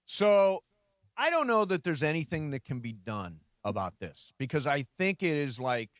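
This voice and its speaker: A man's voice: fairly high pitch, very animated, moderate pace, no echo, clean studio sound. A man hosting a sports radio show, talking casually and laughing often.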